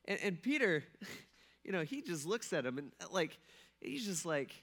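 A young pastor delivers a casual, conversational sermon, animated and laughing often as he acts out quoted dialogue. His voice is high-pitched and unhurried.

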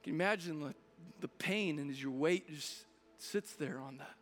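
An earnest man in his thirties preaches with a bright, high voice, pushing harder as he goes and often restarting his phrases. His words ring out with the long reverb of a large hall. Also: moderate pace, faint music behind. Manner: earnest, building intensity with restarts. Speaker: pastor. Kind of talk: sermon.

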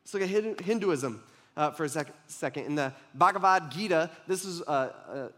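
A man's voice: fairly high pitch, lively intonation, moderate pace, a bit bright. A young adult man preaching a casual, conversational sermon, tossing in "like" and "right?" as he talks to a congregation.

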